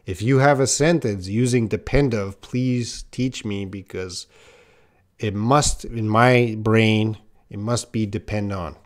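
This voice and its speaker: Slow, blunt live-stream English teacher. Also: male voice, on the low side. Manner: reads viewer questions aloud and corrects them, blunt and direct.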